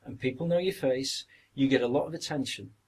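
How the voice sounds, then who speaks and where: A man's voice: medium pitch, fairly quick, darkish tone, breathy edge. A middle-aged man with a Yorkshire accent, a guest actor reminiscing through long anecdotes in a casual podcast interview.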